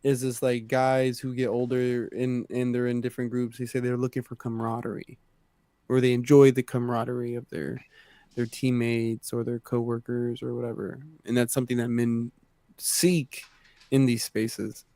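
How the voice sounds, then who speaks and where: A man co-hosts a casual podcast, musing thoughtfully and hedging as he goes. His voice is mellow and warm. The sound is dry and close. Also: mid-range voice, little pitch movement, moderate pace, dry recording. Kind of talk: casual chat.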